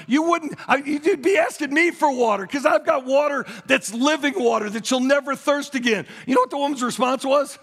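A man preaching a sermon as pastor of a church, with sudden shouts and phrases half sung. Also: very high-pitched, brisk, few pauses. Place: church sanctuary. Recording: long hall reverb with faint music.

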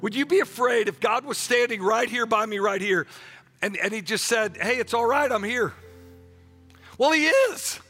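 A man's voice: sits high, moderate pace, sharp tone, faint music behind. A man preaching a passionate sermon, leading the congregation in call-and-response declarations and breaking into joking asides. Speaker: pastor.

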